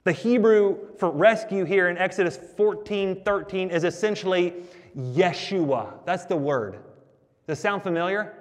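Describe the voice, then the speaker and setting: A man preaching a sermon as the pastor, talking to the congregation in a conversational, animated way. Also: sits high, a little slow, long reverb tail.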